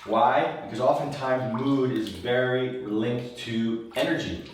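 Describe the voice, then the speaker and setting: A man, a wellness coach, giving a relaxed, conversational how-to talk from his bathtub, rambling a little and repeating words as he goes. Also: mid-range voice, slow, far from the mic, a little hiss or hum. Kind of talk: casual instructional talk. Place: bathroom, in a bathtub. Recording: very echoey room, voice from off the mic.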